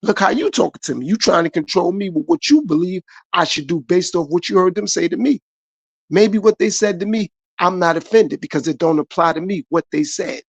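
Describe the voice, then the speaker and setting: A man's voice: high-pitched, expressive, fairly quick, slightly rough, no echo. A middle-aged man from the United States, talking earnestly and repetitively about his own life in a motivational podcast monologue. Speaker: podcast host.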